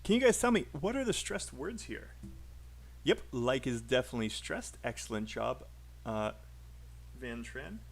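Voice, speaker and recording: A man's voice: mid-range voice, expressive, normal speed, gravelly. A man teaching English pronunciation on a live stream, chatty and encouraging, calling out names from the chat.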